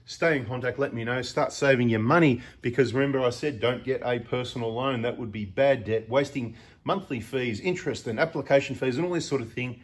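A man's voice: mid-range voice, fairly quick, slightly rough. A middle-aged Australian man hosting a four-wheel-drive channel, giving chatty, opinionated advice full of rambling asides. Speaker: host of a 4x4 channel. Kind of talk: casual talking-head advice.

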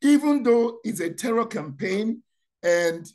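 A man preaching a sermon, repeating key phrases and asking rhetorical questions, dropping to quiet asides then rising to loud proclamations. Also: lively intonation, measured pace. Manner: dramatic, swings from low asides to loud proclamations.

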